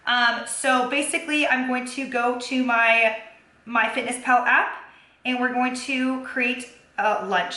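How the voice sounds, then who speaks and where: A young woman who vlogs about fitness cooks and logs her food in her home kitchen, talking in a fairly high, pushed, bright voice. Her chat is loose and packed with "um" and "kinda," and the kitchen sounds echoey with faint ambience.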